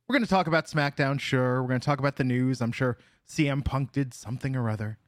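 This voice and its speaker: A man's voice: mid-range voice, fast, no room sound, clean studio sound. A man co-hosting a podcast in casual chat, with a playful, theatrical announcer-style delivery. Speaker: podcast co-host.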